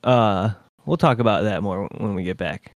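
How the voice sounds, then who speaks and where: A man co-hosting a casual podcast chat, deadpan and full of crude jokes, who introduces the songs. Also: fairly low pitch, normal speed, dry recording, clean studio sound. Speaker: co-host.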